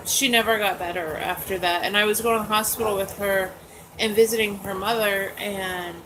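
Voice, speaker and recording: A woman in her forties hosts a casual chat, speaking candidly and rambling in a relaxed way, with lots of "like" and "um" filling the gaps. Her voice is middle-pitched, and clear background noise from nearby dogs runs under the recording.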